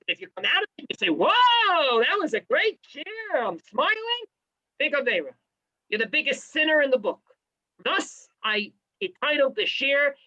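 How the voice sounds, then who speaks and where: A man teaching a Torah class, animated, with sarcastic asides and Hebrew terms mixed in. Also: very high voice, highs cut off. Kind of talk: lecture to a class.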